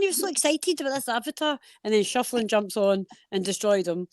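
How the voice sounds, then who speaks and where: A Scottish woman chatting on a live stream, telling stories fast and swearing freely. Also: on the high side, no echo. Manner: fast, sweary, animated storytelling. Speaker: regular on a live stream panel. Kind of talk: casual live-stream chat.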